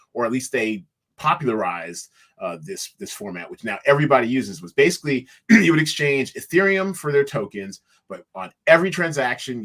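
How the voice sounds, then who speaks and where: Bright-voiced man telling a rambling story. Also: medium pitch. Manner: rambling storyteller, many fillers and restarts, laughs easily. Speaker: guest, company founder. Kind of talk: casual interview talk.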